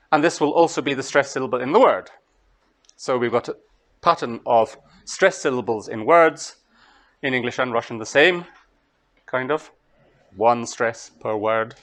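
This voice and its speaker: A man from Scotland, a translator giving a master class, lecturing in a relaxed way, thinking aloud with fillers and small laughs. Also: medium pitch.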